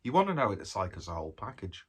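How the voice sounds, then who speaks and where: A man talks his way through a pizza review in a loose, rambling style, eating as he goes. His voice sits low and deep. It has a husky, slightly rough texture. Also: sing-song, rapid-fire. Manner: rambling and chatty, talking while eating. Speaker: food reviewer. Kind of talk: casual food review vlog.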